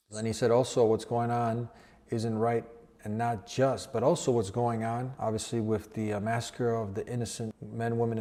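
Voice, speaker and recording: A man's voice: mid-range voice, mellow. Earnest man commenting on news clips. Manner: earnest, preaching tone. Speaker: host.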